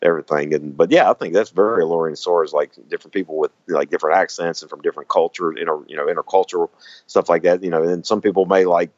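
A man with a Southern American accent talks in a very low voice, rambling through casual conversation with plenty of fillers and restarts. The sound is dry and close. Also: fast talker, darkish tone, dry recording, muffled recording. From Southern United States. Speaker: guest. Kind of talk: casual chat.

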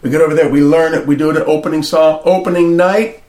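Man, high voice, eager storyteller, echoey room. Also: fairly even intonation, fast, a little mellow. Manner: enthusiastic reminiscing storyteller. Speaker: guest. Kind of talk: casual chat.

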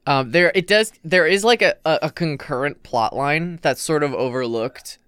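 Smooth-voiced man retelling a film. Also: fairly high pitch, moderate pace, no echo, clean studio sound. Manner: animated storyteller, many fillers. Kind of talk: casual chat.

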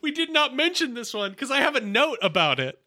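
A man co-hosting a podcast, chatting casually about a TV episode and agreeably adding quick asides. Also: extremely high pitch, sing-song, pushed and bright. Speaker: podcast co-host. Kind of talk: casual chat recapping a TV episode.

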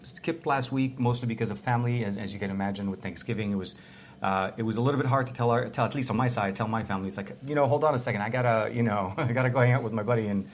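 A man's voice: medium pitch, very fast, a little hiss or hum. A man co-hosting a casual tech podcast from a small hotel room, rambling and restarting with lots of fillers. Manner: rambling, restarts often, many "um"s. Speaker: podcast co-host.

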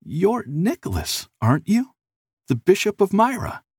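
A man's voice: lowish voice, animated, takes it slowly, creaky, dark tone, husky, dry recording, clean studio sound, full character voice. A man voicing a poor, devout middle-aged father who talks in a choked, quavering voice as he holds back tears. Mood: bewildered pleading.

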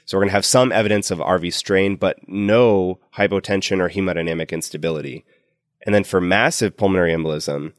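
A man's voice: low-pitched, dry recording, studio quality. A man speaking as a clinician co-host on a medical teaching podcast, explaining in an opinionated way.

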